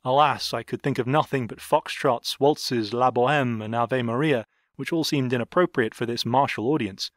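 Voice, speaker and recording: A man's voice: medium pitch, normal speed, no room sound. Man reading an audiobook, dry sound. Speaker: audiobook narrator. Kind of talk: audiobook narration.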